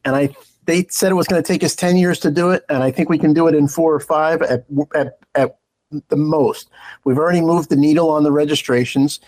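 A middle-aged man, a radio interview guest, talking in an earnest, halting way with frequent restarts as he tells personal stories. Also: fairly high pitch, fairly even intonation, darkish tone, low-quality recording. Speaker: guest, political party executive director.

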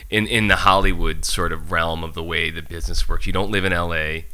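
A man's voice: low-pitched, fairly even intonation, a little fast, sharp tone, clear, resonant tone. A man hosting a casual interview, asking questions with many restarts and fillers. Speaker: podcast host.

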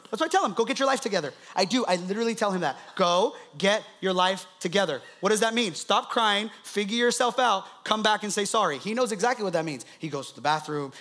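High-voiced pastor telling a funny story in a sermon, laughing as he goes. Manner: animated storytelling, laughing as he preaches.

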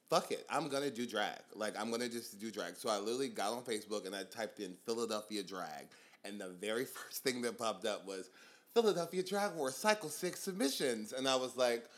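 A young man chatting on a podcast, his voice bright and forward. He tells his stories with animated energy, laughing often and swearing freely. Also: fairly low pitch. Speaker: drag queen guest. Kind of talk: casual podcast chat.

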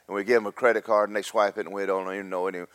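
A man preaching a sermon as pastor, swinging from slow loud emphasis to quick quiet asides. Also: on the low side, flat delivery, clean tone, no room sound.

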